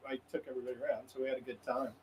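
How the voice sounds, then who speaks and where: Racing along in a medium-pitched voice, a podcast guest spins a rambling, casual story, laughing as he acts out his own lines with lots of restarts and quoted self-talk. The recording is low quality with slight background noise.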